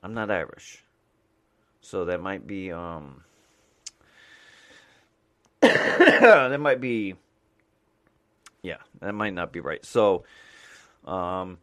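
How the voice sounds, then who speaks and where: A man's voice: deep voice, big pitch swings, very slow, pauses often, fairly bright tone. A man from the United States, a mailman and podcast host, rambling casually with lots of fillers and restarts.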